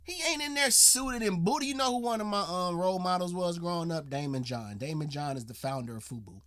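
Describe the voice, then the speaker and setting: A man hosting a reaction video, talking in an animated, slangy, profane way. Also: fairly high pitch. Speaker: reaction channel host. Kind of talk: casual reaction commentary.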